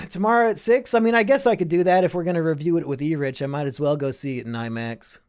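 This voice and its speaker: A man's voice: a little high, fast, a little mellow, clear, resonant tone. A young man from Iowa hosting a casual live stream, reading and answering chat with sardonic, profane banter.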